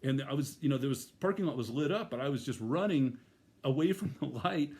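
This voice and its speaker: A man's voice: medium pitch, expressive, fairly quick, a little mellow. A middle-aged man telling a personal story in a casual, rambling way, full of fillers and restarts. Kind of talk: first-person spoken storytelling.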